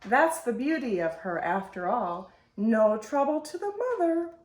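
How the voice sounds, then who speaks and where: A woman's voice: on the high side, sing-song, unhurried, darkish tone. Woman doing prim, smug dog neighbor lady. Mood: scornful. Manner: prim, superior. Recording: roomy echo.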